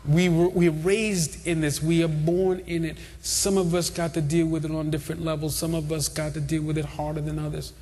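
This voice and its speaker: A man's voice: on the high side, level tone, normal speed, hardly any pauses, a little mellow. A man preaching a sermon to a congregation, with an impassioned, repetitive cadence. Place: church hall. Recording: long hall reverb.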